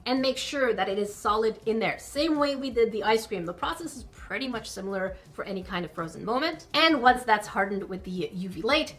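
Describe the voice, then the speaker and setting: A woman hosting a crafting vlog, chatting casually and gushing excitedly over tiny miniature items as she builds a project. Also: a little high. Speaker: crafting channel host.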